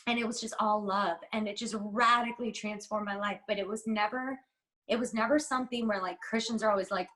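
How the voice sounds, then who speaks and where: A woman's voice: mid-range voice, steady tone, quick pace, fairly bright tone, rough recording. A woman from the United States, a podcast guest, talking candidly in an interview with a heartfelt, rambling and emphatic manner.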